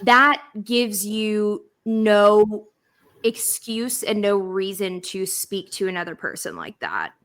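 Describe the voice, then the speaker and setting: Gal podcast cohost, bright sharp voice, blunt and swears a lot. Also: female voice, medium pitch, slow pace. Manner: animated storytelling, swearing, blunt. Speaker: podcast co-host. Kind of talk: casual chat.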